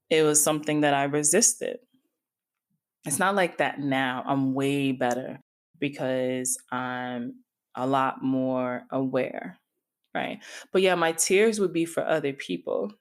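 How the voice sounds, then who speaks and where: A middle-aged woman with a low-pitched, slow voice hosts a reflective solo podcast. She's a coach, and she speaks to her listeners directly, candid and confiding.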